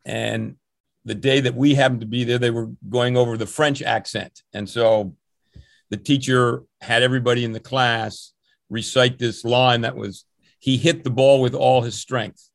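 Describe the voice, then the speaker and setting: A man's voice: mid-range voice, steady tone, moderate pace, gravelly, no echo. An older man, a longtime swim coach, recalling his youth in a rambling, anecdotal interview. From New Jersey, USA. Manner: rambling and anecdotal, with restarts and chuckles. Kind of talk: relaxed interview storytelling.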